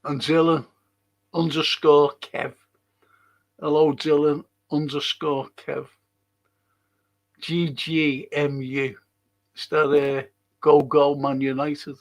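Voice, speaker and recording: A man's voice: a little high, level tone, takes it slowly, pauses often. A man hosting a casual livestream, rambling as he reads viewers' chat comments aloud and swears now and then.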